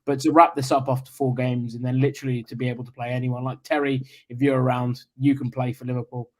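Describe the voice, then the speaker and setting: A man's voice: medium pitch, level tone, quick pace. A man football fan giving upbeat, confident post-match reaction with a rambling flow.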